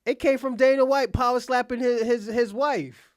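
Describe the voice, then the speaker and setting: A man's voice: very high voice, fairly even intonation, normal speed, clear, resonant tone, no echo, studio quality. A man speaking in a blunt, profane casual rant to his viewers as an online commentator, often insisting that he is being honest and laughing between lines.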